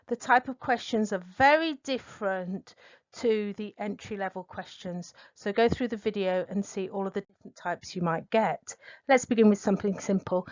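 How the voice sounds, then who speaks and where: A woman's voice: medium pitch, no room sound, highs cut off. A middle-aged woman English tutor giving a spoken lesson, explaining carefully and stressing key words. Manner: clear, deliberate teaching delivery with stressed key words. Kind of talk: spoken language lesson to camera.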